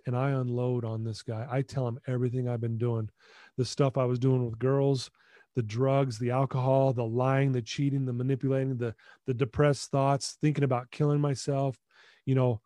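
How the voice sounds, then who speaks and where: At a normal speed and with a mid-range voice, a middle-aged man tells a personal story on a podcast where he is a guest. The studio-quality audio has no echo. He acts out the dialogue with animation, often restarting and repeating words.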